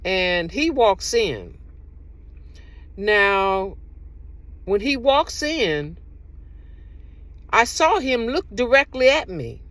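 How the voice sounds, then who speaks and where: A woman's voice: mid-range voice, very animated, extremely slow, long pauses, a bit bright, no echo. A woman talking casually to her own camera, giving relationship advice with rambling, repetitive, emphatic storytelling.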